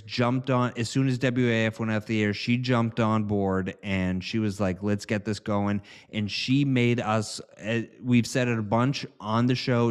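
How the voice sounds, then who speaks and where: A man's voice: medium pitch, clean tone. A man hosting a podcast, reading sponsor spots in a loose, giggly, rambling way. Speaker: podcast host. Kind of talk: casual sponsor read.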